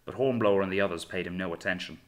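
Man, audiobook narrator, lowish voice, measured dramatic reading. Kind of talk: scripted narration.

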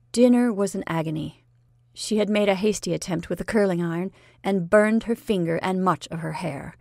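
A woman storyteller reading a classic short story aloud in a measured, expressive way. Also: mid-range voice, vocal fry, no room sound, studio quality. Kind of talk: scripted narration of a classic story.

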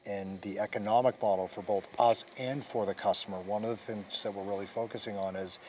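A man with a Boston accent, answering interview questions quickly and emphatically, at a conference. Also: on the low side, steady tone, darkish tone, slight background noise. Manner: fast, emphatic, rhetorical questions. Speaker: interviewed executive. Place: busy conference venue. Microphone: camera mic at a trade show.

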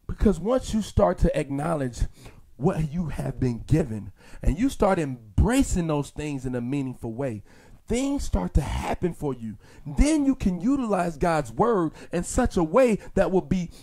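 A man preaching a motivational sermon in a repetitive, sing-song cadence, rising to shouts and dropping soft and low. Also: big pitch swings, normal speed. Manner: rises to shouts, then drops soft and low.

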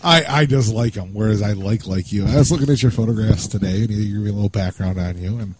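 A man's voice: lowish voice, fast, darkish tone, a little hiss or hum. A man co-hosting a casual interview podcast, joking and rambling as he asks questions. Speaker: podcast co-host.

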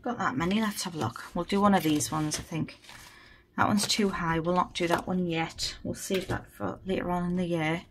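A woman's voice: lowish voice, fairly even intonation, moderate pace, slight background noise. A woman chatting casually on a budgeting vlog, thinking aloud as she counts money. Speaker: budgeting vlogger. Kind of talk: casual chat while cash stuffing.

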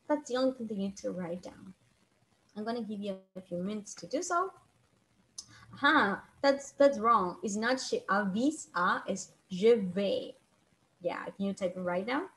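A woman teaching an online class on a video call, patiently repeating and translating phrases slowly. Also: medium pitch, animated, fairly bright tone, slight background noise.

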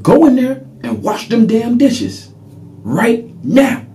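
A man voicing his furious father, who yells profane orders at his son. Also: very high-pitched, wildly swooping pitch, slow pace, pitched above the performer's own voice, full character voice. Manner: yelling, commanding, profane.

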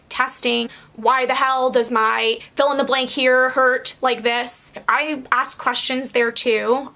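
A young woman with a high, sharp, bright voice talks straight to camera in a casual vlog. She is frank and chatty, slips in light swearing, and laughs easily. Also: creaky. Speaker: vlogger. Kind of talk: candid casual chat to camera.

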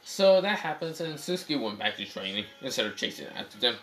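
Man, casual storyteller, bright voice, rambling and cursing, fillers throughout. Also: mid-range voice, big pitch swings, a little fast, soft background music. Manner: rambling, swearing, many fillers and self-corrections. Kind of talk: casual improvised fan-fiction storytelling.

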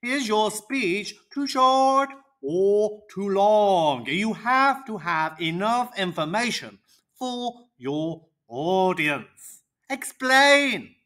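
In this upbeat children's learning roleplay, a performer takes on the part of a cheerful, self-assured speaking coach. The delivery is slow, deliberate and teacherly, the tone bright and clear, and the pitch full of lively ups and downs.

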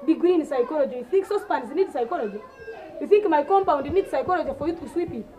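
A woman's voice: high-pitched, expressive, quick pace, dark tone. A woman with a Ugandan English accent performing comedy sketches, delivering sarcastic, scolding rants.

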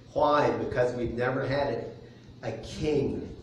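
Man preaching slow and steady, lots of echo, mic kinda far off. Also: medium pitch, a little hiss or hum. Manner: measured preaching with soft chuckles. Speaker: pastor. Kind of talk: sermon. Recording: very echoey room, distant mic.

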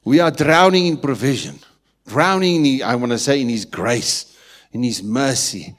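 A man with a South African Afrikaans-tinged accent preaching a sermon in church, swinging from hushed asides to loud emphatic lines and often asking if the congregation is with him. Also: medium pitch, lively intonation, normal speed. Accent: South African English, Afrikaans-influenced. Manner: keeps checking in with the congregation. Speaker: pastor.

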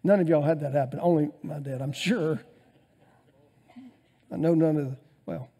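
A male pastor preaching a sermon, swinging between loud emphasis and quiet asides. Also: fairly high pitch, steady tone, normal speed, slightly rough.

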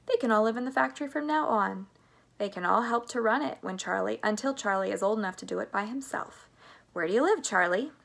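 A woman reading the part of an eccentric old man who owns a candy factory, talking in a brisk, grand way. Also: medium pitch, vocal fry, a bit bright.

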